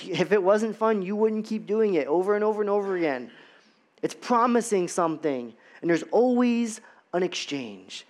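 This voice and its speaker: Pastor, male, high-pitched, casual and repetitive sermon delivery. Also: animated, moderate pace. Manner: conversational, repetitive, rhetorical questions.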